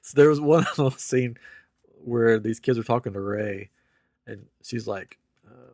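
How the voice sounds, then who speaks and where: A man hosting a casual podcast chat, telling stories in an animated way with frequent laughs. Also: fairly low pitch, a little slow, long pauses, no echo, clean studio sound. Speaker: podcast host.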